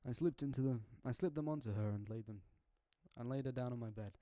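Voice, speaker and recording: A man's voice: mid-range voice, brisk, dark tone, no echo. A young man reading a fan story aloud, breaking off for casual, jokey, slangy asides. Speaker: story reader.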